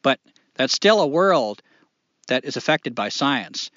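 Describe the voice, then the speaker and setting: A man's voice: mid-range voice, sing-song, fairly bright tone, no echo. Man, casual talk, emphatic, swears, dull lo-fi sound. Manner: emphatic, swears, slow deliberate pauses. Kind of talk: casual conversation.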